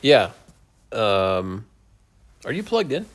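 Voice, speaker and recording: A man co-hosting a casual podcast, chatty and laughing often. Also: slow. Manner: laughing often, chatty, lively swings in pitch. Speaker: podcast co-host. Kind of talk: casual chat.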